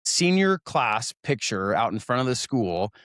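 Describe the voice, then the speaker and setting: In a dry, clean studio recording, a man in his forties from Oregon speaks with a very animated, mid-range, slightly bright voice at a somewhat slow pace. As an interview guest, he tells casual stories from his school years, joking at his own expense and laughing as he goes.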